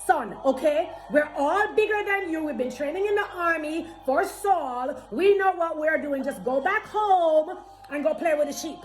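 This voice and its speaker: A woman preacher voicing an angry, mocking older brother, a young man who taunts in quick slangy bursts. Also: sits high, animated, roomy sound, faint music behind.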